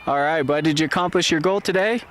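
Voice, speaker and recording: Principal doing quick upbeat interviews w kids outside in snow, light background noise. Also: medium pitch, fairly bright tone. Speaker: school principal. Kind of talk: post-race interview with children. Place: outdoors in snow at a race finish.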